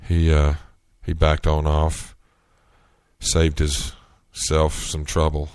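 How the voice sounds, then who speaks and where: A man with a Southern US accent, from North Carolina, chatting through stories in a loose solo podcast. His voice sits very low, and the recording is dry. He talks in a relaxed way with frequent restarts. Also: slow, smooth, no room sound. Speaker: podcast host. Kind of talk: casual solo monologue.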